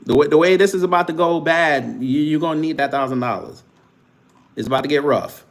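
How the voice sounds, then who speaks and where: A man's voice: a little high, a little fast. A man hosting a live stream, teasing and taunting his chat with casual banter and frequent laughs.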